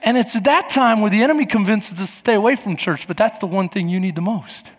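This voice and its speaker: A man in his forties preaching a sermon as pastor, telling stories with lively acted-out voices and shouts. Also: high voice, fast talker, in a large hall. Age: 40s. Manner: animated storytelling, acting out voices and shouts. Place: church.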